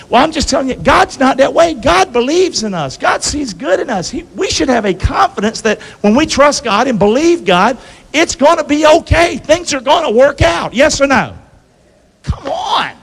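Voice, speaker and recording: A male pastor delivers an animated sermon, his fairly high voice ringing through a church sanctuary with a long reverb tail. He keeps asking the congregation to answer back. He swings from loud calls down to low, close asides. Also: vocal fry, slightly rough. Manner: call-and-response preaching, asks the congregation to answer.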